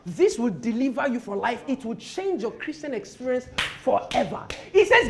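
A male pastor preaching a sermon. He reads scripture aloud and explains it, swinging between quiet murmured asides and shouted, impassioned bursts. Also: very high voice, big pitch swings, a little fast, vocal fry, few pauses, a faint crowd.

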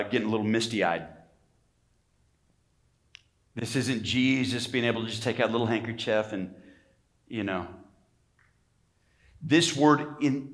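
A male pastor preaching a sermon emphatically, calling for amens from the congregation. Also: mid-range voice. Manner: emphatic preaching, calls for amens, rising to shouts. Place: church sanctuary.

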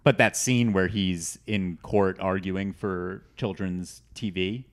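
A man co-hosting a casual chat podcast, relaxed and adding side comments and trivia. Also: sits low, slow pace. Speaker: podcast co-host.

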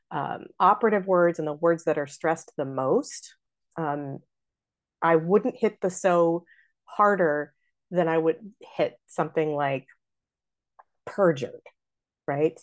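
A woman's voice: deep voice, slow pace, pauses often. A woman hosting a podcast, teaching how to scan and stress lines of verse and walking through examples step by step. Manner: explains stress patterns, talks through examples. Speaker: podcast host and theater director.

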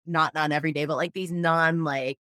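A woman chatting casually as a podcast host, animated and swearing freely, with lots of "like" fillers. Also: low voice, fairly quick, no room sound, clean studio sound. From Los Angeles area. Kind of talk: casual chat.

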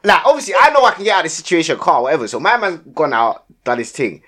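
A young man, telling a story in casual podcast chat and acting out his own shouted lines with lots of slang. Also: a little high, big pitch swings, quick pace. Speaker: podcast co-host.

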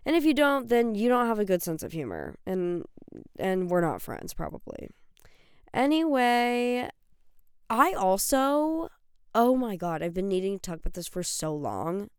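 Rambling woman podcaster, smooth dry voice. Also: lowish voice, sing-song, brisk, darkish tone, no echo. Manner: gushing, rambling, lots of fillers and self-corrections. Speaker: podcast host. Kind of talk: solo chatty podcast rant.

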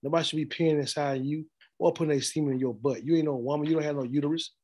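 A man's voice: on the high side, fairly even intonation, rapid-fire, darkish tone, highs cut off. A middle-aged man preaching a blunt, informal sermon and laughing often as he speaks. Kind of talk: street sermon.

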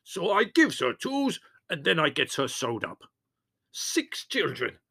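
A man voicing a gruff, blustering man who speaks loud broken English and scolds with drawn-out words. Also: a little high, very animated, pitched above the performer's own voice, full character voice. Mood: disgusted.

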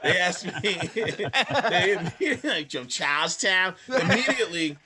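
A man's voice: high-pitched, expressive, takes it slowly. A man from the Boston area with a Boston accent, a stand-up comedian telling stories in casual podcast chat, swearing freely. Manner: swearing, storytelling, acts out quoted voices.

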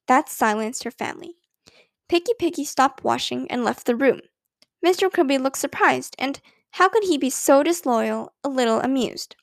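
A woman reads a children's story aloud with an expressive, storytelling delivery. Her voice is high and light. The recording is close and dry. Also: moderate pace, gravelly, no room sound. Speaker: narrator. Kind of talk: scripted narration.

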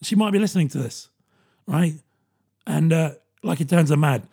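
A man's voice: on the high side, normal speed, gravelly, dark tone, slightly rough. A British man in his thirties, rambling and self-mocking in a casual comedic monologue, laughing often. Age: 30s.

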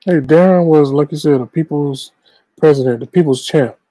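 Sports co-host, mellow, dry, animated. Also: male voice, on the high side, normal speed, no room sound, rough recording. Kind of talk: casual sports talk.

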